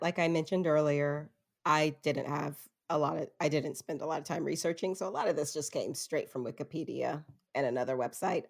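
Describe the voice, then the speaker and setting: A woman's voice: low voice, creaky. A young woman hosting a podcast, telling spooky tales in a casual, self-deprecating way and laughing often mid-sentence. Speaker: podcast host. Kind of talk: casual storytelling chat.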